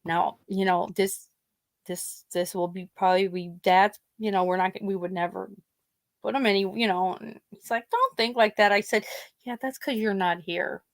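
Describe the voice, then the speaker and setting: A podcast host with a Pennsylvania accent tells rambling family stories in casual chat, acting out what her relatives said. Her mid-range voice keeps a fairly even intonation at a moderate pace. The recording is dry.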